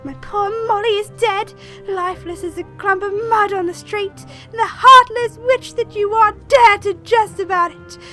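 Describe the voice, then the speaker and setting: A woman voicing a hysterical peasant woman who wails and accuses in a tearful, shrill voice. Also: moderate pace, sharp tone, faint music behind. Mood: wailing.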